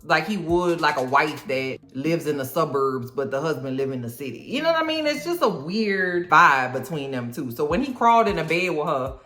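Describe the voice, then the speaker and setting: A woman's voice: sits low, expressive, normal speed, few pauses, a bit bright. A woman recapping a TV episode in casual, slangy, sassy talk that keeps checking in with "okay?". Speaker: TV recap vlogger. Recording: echoey room with faint music.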